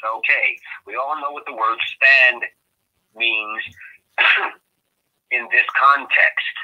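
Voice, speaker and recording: A man giving a lecturing monologue, often pausing to ask "okay?" and restarting his sentences with fillers. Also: mid-range voice, fairly even intonation, lo-fi sound. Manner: repeats "okay?" to check listeners, with many restarts and fillers. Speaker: guest speaker.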